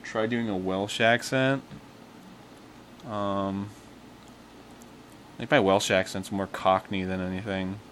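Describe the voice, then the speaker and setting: A man's voice: fairly low pitch, fairly even intonation, slow, pauses often, fairly bright tone, a little hiss or hum. A man hosting a casual livestream, talking playfully and rambling with a chuckle, into a desk mic. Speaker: livestream host.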